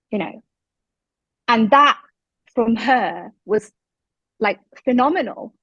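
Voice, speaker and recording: A woman, a guest telling her story in an interview, emphatic and lively when she quotes what people said. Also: a little high, slow, pauses often, slightly rough, no echo, muffled recording. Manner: animated, emphatic retelling with quoted dialogue.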